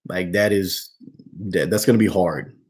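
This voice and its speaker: Laid-back slangy guy, lowish voice. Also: measured pace, a little mellow. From New Jersey. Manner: slangy, laid-back, calls people bro and man. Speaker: host answering viewer questions. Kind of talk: casual live Q&A chat.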